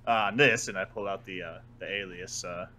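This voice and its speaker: A man's voice: sits low, fairly even intonation, brisk, pushed and bright. A man playing a character in a tabletop game, blunt and matter-of-fact. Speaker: player. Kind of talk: casual in-character tabletop play.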